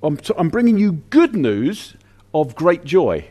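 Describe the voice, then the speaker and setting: A man preaching a sermon in an animated, conversational way, often restarting his sentences. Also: fairly high pitch, measured pace.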